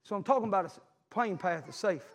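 A middle-aged man, preaching a sermon as a pastor, telling folksy stories with animated emphasis. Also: sits high, quick pace. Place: church sanctuary. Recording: long church reverb.

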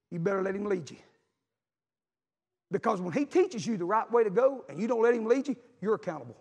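A middle-aged man, preaching a sermon as a pastor, telling folksy stories with animated emphasis. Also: high-pitched. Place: church sanctuary. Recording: long church reverb.

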